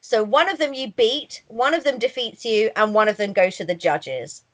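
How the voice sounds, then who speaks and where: A woman co-hosts a podcast and asks her guest playful questions, giggling often. Her voice sits fairly high and swoops lively up and down. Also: normal speed. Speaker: podcast co-host. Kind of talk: casual podcast chat.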